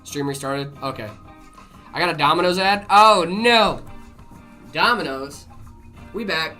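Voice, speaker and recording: A man's voice: on the high side, animated, a little slow, bright, forceful tone, soft background music. A man co-hosting a livestream in casual chat, rambling in a friendly way and reading viewer messages aloud. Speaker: livestream co-host.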